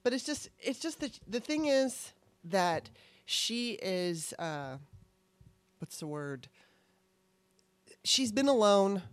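A woman's voice: fairly low pitch, no echo. A middle-aged woman co-hosting a casual chat show, candid and rambling, swearing freely. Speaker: podcast co-host.

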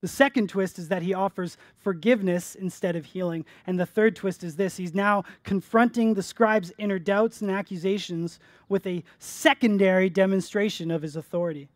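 A male pastor preaching a sermon in church, earnest, rising to emphatic peaks and dropping soft on key phrases. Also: high-pitched, fairly even intonation, moderate pace, few pauses, dry recording.

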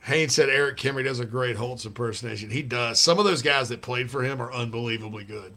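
A man's voice: medium pitch, fairly quick, bright, forceful tone. A middle-aged man hosting a casual sports talk show, rambling and reading out listener messages. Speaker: sports radio host.

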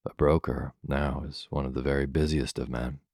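A man voicing a cheery old country doctor, deep and even. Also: moderate pace, dry recording, clean studio sound.

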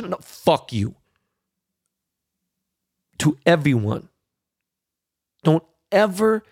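A man with a gravelly, fry-edged voice rants as a podcast host. He is profane and heated, and hammers his points by repeating words. The sound is dry and close. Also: a little high, a little mellow, no room sound. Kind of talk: casual ranting commentary.

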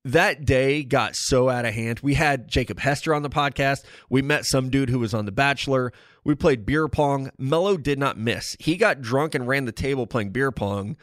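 A man's voice: mid-range voice, moderate pace, fairly bright tone, no echo, clean studio sound. A young adult man co-hosting a podcast, telling stories in casual chat with laughs. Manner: storytelling, laughing. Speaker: podcast co-host.

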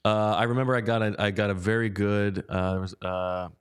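Low-voiced man hosting, dry teasing. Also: fairly even intonation, brisk, clear, resonant tone. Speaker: podcast host. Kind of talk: casual sports talk.

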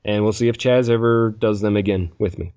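A man hosts a casual podcast, rambling and laughing while reading listener mail. His lowish, darkish, smooth voice moves briskly with fairly even intonation. The dry recording comes through a dull lo-fi podcast mic.

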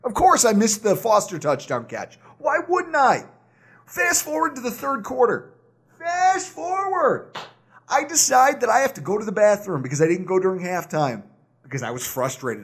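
A man co-hosting a podcast, telling a story in an animated, exasperated way. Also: fairly high pitch, husky. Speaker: podcast co-host.

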